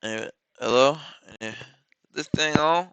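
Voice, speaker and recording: A man's voice: on the high side, normal speed, a bit bright, clean tone, no room sound, rough recording. A man hosting a casual day-trading live stream from his home studio, rambling, joking and swearing freely as he talks through his trades.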